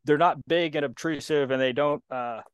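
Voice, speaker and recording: A man co-hosting a podcast in casual chat, speaking in a measured, matter-of-fact way. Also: fairly high pitch, clear, resonant tone, no room sound, clean studio sound. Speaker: podcast co-host.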